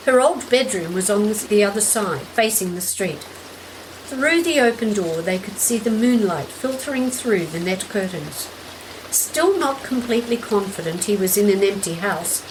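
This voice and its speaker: Woman narrator, measured and gentle story reading, clear rain sound behind. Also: mid-range voice, noisy background. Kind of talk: scripted narration. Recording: steady rain in background.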